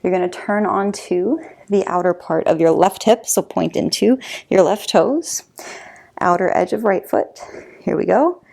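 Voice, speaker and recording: A woman's voice: on the low side, a little slow, vocal fry. A woman leading a yoga class, counting down and cueing each pose, a little out of breath. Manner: counts down and cues poses calmly, with light laughs. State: slightly out of breath. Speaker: yoga instructor. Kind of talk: guided yoga class instruction.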